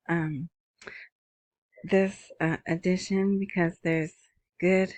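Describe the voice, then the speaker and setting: A woman's voice: fairly low pitch, fairly even intonation, slow, long pauses, dry recording. A middle-aged woman hosting her own podcast, rambling casually with lots of fillers and asides. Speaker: podcast host. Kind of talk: casual solo podcast monologue.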